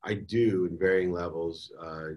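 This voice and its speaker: A middle-aged man, a podcast guest, telling a motivational story in an emphatic way that swings between soft and forceful. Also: deep voice, steady tone, measured pace. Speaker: guest, entrepreneur and speaker.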